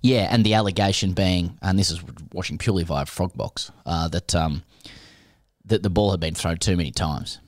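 A man's voice: deep voice, no room sound, clean studio sound. An Australian man co-hosting a podcast, chatting casually and rambling with lots of fillers and restarts. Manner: rambling, halting, full of fillers. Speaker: podcast co-host. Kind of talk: casual chat.

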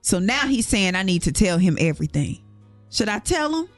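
A woman's voice: mid-range voice, big pitch swings, normal speed, dry recording, faint music behind. A woman hosting a morning radio show, playful and laughing, reading listener letters on air. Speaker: radio co-host.

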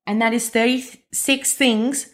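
A woman in her twenties with an Australian accent, hosting a casual solo podcast in a chatty, emphatic way, full of fillers and quick self-corrections. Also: on the high side, steady tone. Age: 20s. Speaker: podcast host.

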